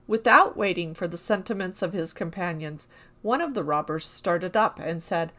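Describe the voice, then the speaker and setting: A woman narrating a classic folk tale in a calm, even storybook reading. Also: on the low side, moderate pace.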